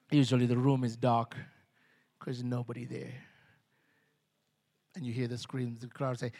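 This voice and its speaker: A man preaching a sermon, animated, acting out voices and swinging between hushed and loud. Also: mid-range voice, normal speed, vocal fry, pauses often. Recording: long hall reverb.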